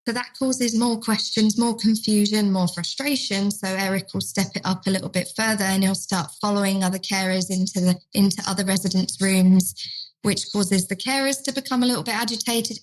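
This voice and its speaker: A woman's voice: mid-range voice, steady tone, normal speed, poor audio. A woman, a dementia trainer telling a care story in a podcast chat and acting out the quoted voices. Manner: acts out carers' and residents' lines in quoted voices.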